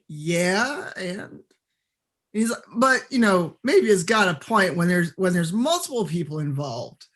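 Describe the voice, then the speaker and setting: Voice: medium pitch, fairly bright tone. A game master narrating a tabletop role-playing game in a casual, rambling way, full of fillers.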